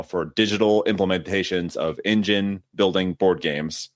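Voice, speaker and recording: Man, podcast co-host, low voice, dry close sound, playful, rambling. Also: steady tone, moderate pace, hardly any pauses, dry recording. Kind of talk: casual chat.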